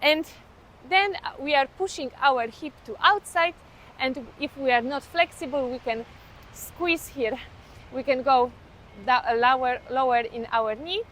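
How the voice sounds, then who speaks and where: A woman teaching belly dance on a beach outdoors, calmly counting beats aloud in simple, non-native phrasing. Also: high-pitched. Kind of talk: step-by-step dance lesson with counting.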